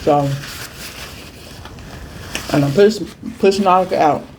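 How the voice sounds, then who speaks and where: A woman food vlogger chatting through a storytime while she eats, with emphatic repeats and lively quoted voices. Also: fairly low pitch, slow, background noise. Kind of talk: casual storytime while eating.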